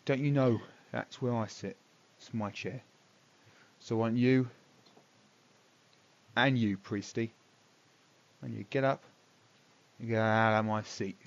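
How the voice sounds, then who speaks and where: A man's voice: mid-range voice, steady tone, takes it slowly, gravelly, pauses often. A man voicing a greasy, cocky male thug boss who sneers and bullies, and trips over his words. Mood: sneering. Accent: northern city accent of the game world. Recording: dull lo-fi recording.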